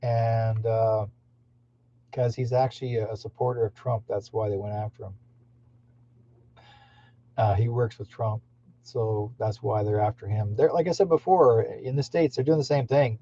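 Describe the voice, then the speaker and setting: Very dark-voiced rambling male streamer. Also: on the low side, steady tone, moderate pace, long pauses, a little hiss or hum. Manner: meandering, with frequent fillers and restarts. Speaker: psychic livestream host. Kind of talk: rambling live-stream talk. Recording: dull lo-fi stream audio.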